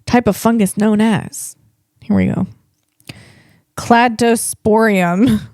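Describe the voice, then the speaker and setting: A woman's voice: medium pitch, steady tone, slow pace, darkish tone, no room sound, clean studio sound. A woman comedian hosting a solo podcast, reading facts and riffing playfully, stumbling on hard words.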